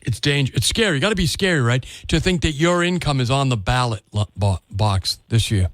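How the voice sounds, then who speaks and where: A man's voice: medium pitch, brisk, no room sound. A man hosting a call-in radio talk show, chatting casually and often restarting words. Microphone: studio microphone.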